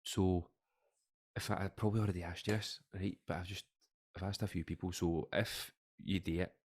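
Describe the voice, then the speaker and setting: A man's voice: sits low, fairly even intonation, a little fast, darkish tone. A Scottish man co-hosting a podcast, rambling and joking in casual chat. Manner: rambling, jokey, trailing off. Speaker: podcast co-host.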